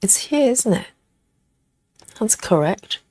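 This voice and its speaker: A woman hosting a relaxed live cross-stitch stream, chatting casually with viewers as she stitches. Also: medium pitch, takes it slowly, no room sound. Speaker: host of a cross-stitch livestream. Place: at home in the evening.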